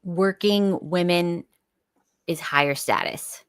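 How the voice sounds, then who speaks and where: A woman calling into a live stream, speaking quietly and softly in short casual answers. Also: on the low side, slow, clean tone, no room sound, clean studio sound. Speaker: guest caller. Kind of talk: casual chat on a call.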